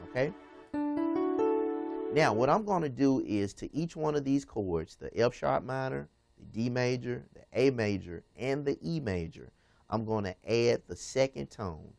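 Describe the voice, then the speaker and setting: A man gives a piano lesson, patiently explaining and repeating each step while ending most phrases with "okay?" His mid-range voice is creaky and a little mellow, with lively intonation and a measured pace, as piano music plays beneath him.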